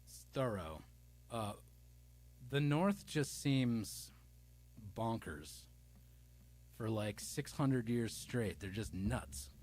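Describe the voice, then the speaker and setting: A man's voice: medium pitch, expressive, very slow, pauses often, a little mellow, a little hiss or hum. A man hosting a casual music live stream, chatting loosely and playfully as he reads out viewer comments. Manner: rambling and playful, reading viewer comments aloud; loose and self-deprecating, with many restarts.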